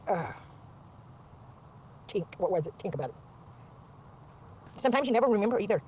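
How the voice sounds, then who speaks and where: A woman ranting on a livestream, profane and repetitive, swinging from wry laughter to shouting. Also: medium pitch, animated, quick pace, pauses often, slight background noise. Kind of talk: angry livestream rant.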